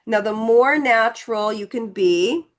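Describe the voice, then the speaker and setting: A woman's voice: on the high side, a little slow. A woman leading a live online painting class, talking through each step in a chatty, encouraging way as she demonstrates. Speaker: painting instructor.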